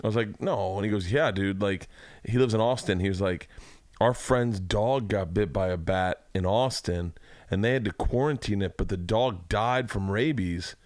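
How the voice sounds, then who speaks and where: A man with a fairly low voice tells a story on his podcast in an easy, profane manner. He acts out the people he quotes. The sound is close and dry with no room around it. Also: moderate pace, darkish tone, no echo. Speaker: podcast host. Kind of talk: casual storytelling chat. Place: home studio room.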